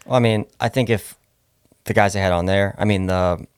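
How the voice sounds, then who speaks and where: A man joining his wife's casual podcast, talking in a halting, hesitant way that trails off. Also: on the low side, fairly even intonation, smooth, no room sound, clean studio sound. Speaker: host's husband, co-host.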